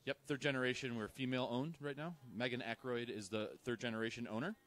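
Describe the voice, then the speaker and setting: A man from a bakery being interviewed live, giving brisk, matter-of-fact answers. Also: mid-range voice, fairly even intonation, fairly bright tone.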